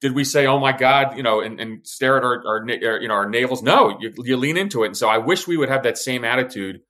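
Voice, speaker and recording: A man's voice: medium pitch, quick pace, sharp tone. A man who used to be an intelligence officer, talking as a podcast guest. He speaks with force and conviction, stumbling over restarts and stacking fillers as his thoughts run ahead. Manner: emphatic, many restarts and fillers. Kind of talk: podcast conversation.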